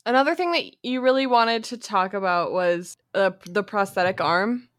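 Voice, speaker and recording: A woman's voice: medium pitch, normal speed, a bit bright. A woman podcast co-host in casual chat, thoughtful and agreeable.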